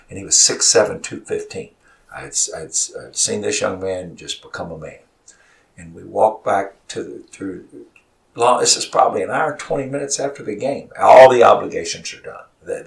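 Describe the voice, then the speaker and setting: A man, a college basketball head coach, telling stories in an animated way as a studio guest, repeating words as he gets worked up. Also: lowish voice, normal speed, gravelly. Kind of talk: emotional storytelling in a studio interview. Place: radio studio. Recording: voice sounds far from the mic.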